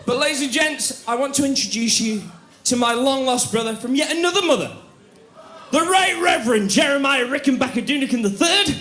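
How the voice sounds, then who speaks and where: A man leading a comedy band on stage, introducing a bandmate with loud, jokey showmanship. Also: very high-pitched. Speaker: bandleader, compère. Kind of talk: live stage banter and singing. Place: live music venue on stage. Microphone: stage microphone. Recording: live concert with echo and band music.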